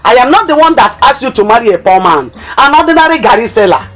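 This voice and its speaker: A scornful, money-minded Nigerian mother with an Igbo accent scolds her daughter in a film, a mocking, drawn-out, lively voice. Her pitch swings widely as she taunts. Faint music plays under the dialogue. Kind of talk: film acting.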